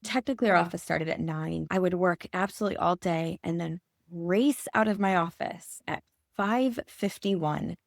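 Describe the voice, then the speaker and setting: A woman's voice: fairly low pitch, moderate pace, vocal fry, no room sound, studio quality. A woman in her forties from Michigan, a podcast guest telling an earnest, emotional personal story. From Michigan, USA.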